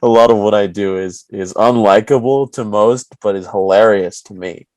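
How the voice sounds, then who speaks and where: A man hosting a podcast in casual chat, telling stories with frequent "right?" tags and squeaky put-on voices. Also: normal speed, darkish tone, dry recording. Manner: laughing storyteller who acts out squeaky high character voices. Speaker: podcast host.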